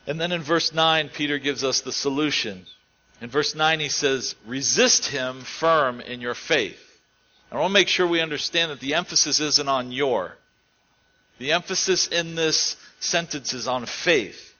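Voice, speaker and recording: A male preacher delivers an earnest sermon in a bright, forceful voice pitched a little high. The recording sounds dull and lo-fi, and he swings between emphatic and hushed passages. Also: normal speed. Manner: earnest, rises to emphatic and drops to quiet.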